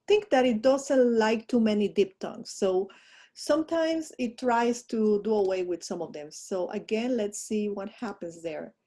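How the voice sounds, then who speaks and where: A language teacher records an online lesson, talking through her slides with chatty asides while fumbling with her mouse. Her voice is medium-pitched with a dark tone.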